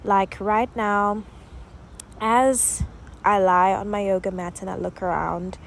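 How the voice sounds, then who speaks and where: A woman's voice: medium pitch, fairly even intonation, slow, vocal fry. Woman, twenties, South African accent, out of breath, bubbly chatty podcast host, outdoors, faint background hiss. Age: 20s. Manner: bubbly, affectionate, chatty with many fillers. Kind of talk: casual reflective chat. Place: outdoors lying on a yoga mat at dusk.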